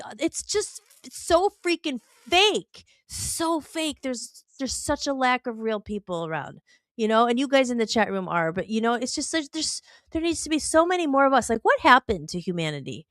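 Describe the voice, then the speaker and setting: A woman's voice: high-pitched, big pitch swings, normal speed, a bit bright, no echo. A woman on a talk stream, ranting heatedly and firing off rhetorical questions. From United States.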